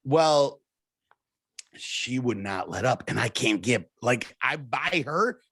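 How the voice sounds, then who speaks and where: A man telling a story in casual chat, animated and laughing as he acts out the people in it. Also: medium pitch, takes it slowly, breathy edge, dry recording. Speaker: comedian guest.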